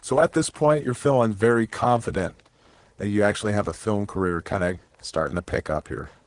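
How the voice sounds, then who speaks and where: A man interviewing a guest with measured, leading questions. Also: on the low side, dry recording.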